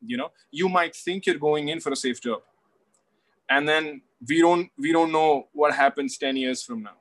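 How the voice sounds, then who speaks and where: A man's voice: fairly high pitch, normal speed, fairly bright tone. Reflective man talking as a podcast guest. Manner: reflective, filler-heavy, says "you know" often. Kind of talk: casual conversation.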